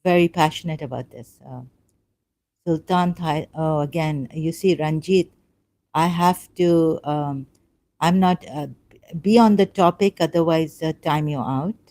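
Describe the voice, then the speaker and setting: A woman hosts a livestream, her voice somewhat low and mellow. She talks haltingly, with fillers and quick apologies, then presses her argument with pointed rhetorical questions. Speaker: livestream host. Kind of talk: casual live-stream talk on religion.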